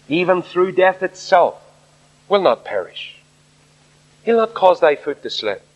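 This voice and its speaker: Irish male preacher, fairly high voice, emphatic sermon delivery, long hall reverb. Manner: emphatic, addresses the congregation directly. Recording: dull recording in a reverberant hall.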